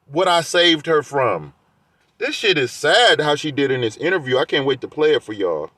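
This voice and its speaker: Male vlogger, fairly high-pitched, heated defensive rant. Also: big pitch swings, moderate pace, a bit bright, no room sound. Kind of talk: casual rant to camera.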